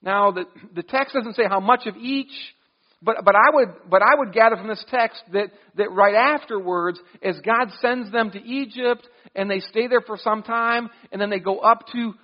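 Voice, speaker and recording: A man with a notably high voice preaches a sermon as pastor. He talks conversationally, restarting phrases and slipping into quoted asides. The sound is dull and lo-fi. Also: moderate pace.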